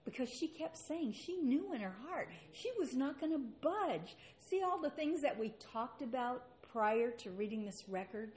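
A woman's voice: high voice, lively intonation, a little slow, hardly any pauses, darkish tone, slight background noise. A woman preaching a sermon and reading scripture aloud, with an earnest manner and rhetorical questions.

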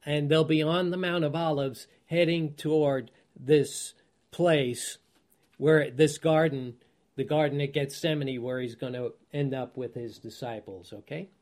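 A man's voice: a little high, fairly even intonation, measured pace, darkish tone. A man teaching a Bible study, reading scripture aloud and then explaining it, often chuckling and checking in with his listeners. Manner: asks listeners rhetorical check-in questions.

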